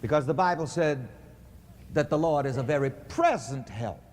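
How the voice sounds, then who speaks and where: A man preaching a call-and-response sermon in a church, leading the congregation to repeat his lines in a steady rhythm. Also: on the high side, moderate pace, slight background noise. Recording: echoey church hall recording.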